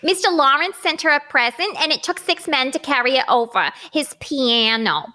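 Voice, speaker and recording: A woman's voice: animated, pushed and bright. A woman doing a prim, fussy eldest sister. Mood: gossipy. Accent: mock Boston. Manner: fussy, scolding, slow and high. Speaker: cast reader. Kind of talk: comic reading of a radio drama.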